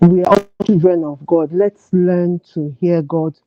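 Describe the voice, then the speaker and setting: A woman calling in to a talk show, earnestly giving advice with pauses and restarts. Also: lowish voice, fairly even intonation. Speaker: caller. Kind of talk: call-in advice chat. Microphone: phone call. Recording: dull, lo-fi call audio, dry.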